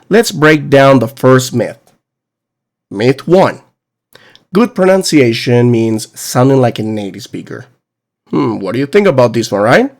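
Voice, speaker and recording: A man at a mid pitch hosts a solo teaching podcast. He talks emphatically and asks his listeners rhetorical questions, in the manner of a teacher making a case. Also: darkish tone. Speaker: podcast host. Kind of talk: solo educational podcast monologue.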